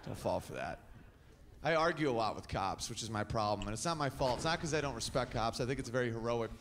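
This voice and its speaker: A man's voice: mid-range voice, expressive, fast, fairly bright tone. Brash man doing stand-up. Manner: brash storyteller acting out both sides. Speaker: stand-up comedian. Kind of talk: stand-up comedy set. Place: comedy club stage. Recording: noisy club recording with audience.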